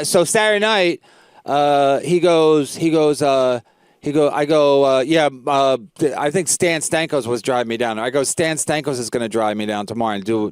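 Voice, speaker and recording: A comedian hosting his podcast, telling a rambling story full of swearing. His voice sits high and comes out smooth and resonant. The sound is close and dry. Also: no room sound. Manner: profane, rambling, repeats "I go". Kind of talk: casual storytelling chat.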